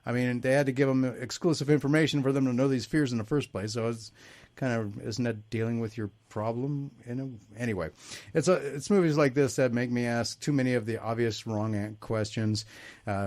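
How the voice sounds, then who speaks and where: A man's voice: mid-range voice, fairly even intonation, a little fast, darkish tone. A man hosting a casual panel chat about movie trailers, rambling and laughing often. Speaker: host.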